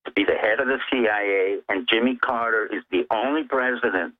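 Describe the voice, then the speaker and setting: A man phones in as a guest and delivers emphatic political commentary, lecturing as he works through his points one at a time. His voice sits on the low side and moves fairly quickly. He is heard over a telephone, and the line sounds tinny.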